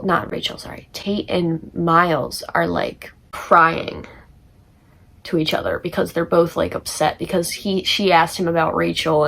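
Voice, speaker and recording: A teenage girl giving a casual, chatty book summary for a class project, full of fillers and laughter. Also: fairly low pitch. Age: teens. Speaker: student.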